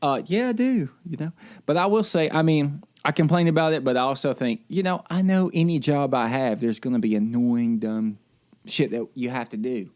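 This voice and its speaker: A man co-hosting a casual podcast, telling a frustrated story in an animated, ranting way. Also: medium pitch, moderate pace. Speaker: podcast co-host; military service member.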